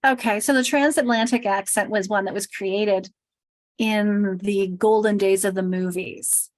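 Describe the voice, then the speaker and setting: A woman's voice: medium pitch, steady tone, measured pace, no room sound, rough recording. An American woman leading a teacher workshop, enunciating every word very carefully and demonstrating sounds aloud. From United States. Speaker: teacher trainer. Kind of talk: workshop presentation.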